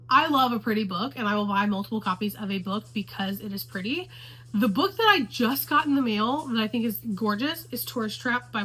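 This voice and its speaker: A woman talks straight to the camera about her favorite books in a casual, gushing way, often repeating herself to stress a point. Her voice is fairly high and very bright, with a forceful, lively edge. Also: poor audio. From Houston, Texas area. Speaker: book vlogger.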